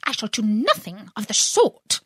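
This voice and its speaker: A woman's voice: fairly high pitch, huge pitch swings, moderate pace, slightly rough, no room sound, full character voice. A woman doing a touchy, angry mouse. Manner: sharp, offended.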